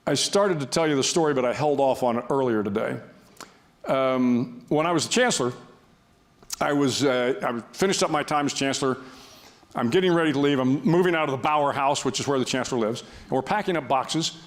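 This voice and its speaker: A man's voice: medium pitch, brisk. An older man speaking as a guest before an audience, telling a story in a wry, self-deprecating way with frequent restarts.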